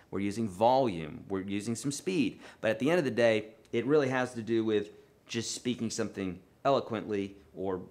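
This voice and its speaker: A man teaching a live online guitar lesson, coaching in a relaxed, repetitive way and checking in often with the viewers. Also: on the low side. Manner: relaxed, repetitive coaching with frequent "okay?" and "right?".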